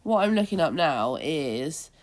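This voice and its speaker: A woman with a notably low voice for a woman, chatting in a relaxed, teasing way. Her talk is loose and casual as she browses through a shop indoors. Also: unhurried. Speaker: luxury resale vlogger. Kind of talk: casual chat while shopping.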